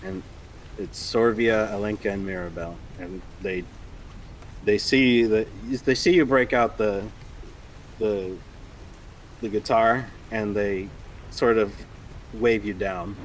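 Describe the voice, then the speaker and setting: A man with a fairly low voice runs a tabletop game as its game master. He narrates haltingly, with many restarts, and faint noise sits behind him. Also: steady tone. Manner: halting, full of fillers and restarts.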